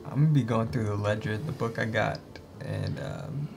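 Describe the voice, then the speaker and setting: A man playing in a tabletop game, talking in a relaxed, rambling way. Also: fairly low pitch, normal speed, vocal fry, over music. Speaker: player. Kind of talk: casual tabletop game chat.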